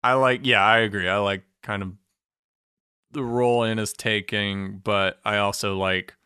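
A man's voice: fairly low pitch, fairly even intonation, unhurried, sharp tone, clean tone, dry recording, clean studio sound. A man co-hosting a casual recap chat, laughing often and acting out scenes. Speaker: podcast co-host.

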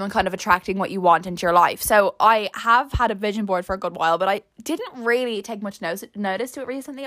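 A woman's voice: mid-range voice, fairly bright tone, no room sound. A young Irish woman hosting a podcast, chatting casually and rambling through self-mocking stories. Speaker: podcast host. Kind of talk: casual chat.

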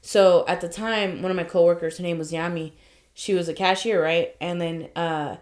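Young woman telling animated work stories. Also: lowish voice, moderate pace. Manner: animated, acts out quoted voices, swears freely. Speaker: podcast co-host. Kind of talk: casual storytelling chat.

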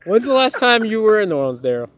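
A man bantering with a friend, teasing and laughing easily. His voice sits a little high. Clear noise runs under the call the whole time. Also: sing-song, fast. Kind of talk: casual chat.

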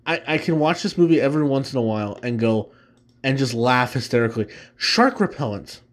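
A man's voice: mid-range voice, quick pace. A man hosting a casual solo show, ranking films in a rambling way with restarts and easy laughs. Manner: rambling, many fillers and restarts, laughs easily. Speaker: host.

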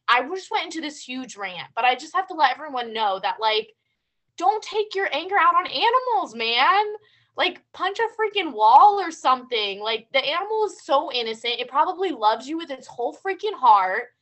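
A young woman co-hosting a podcast, telling stories and ranting in a casual, animated way, with lots of "like". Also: high voice. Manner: animated storytelling, ranting, heavy use of "like". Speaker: podcast co-host. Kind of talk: casual chat.

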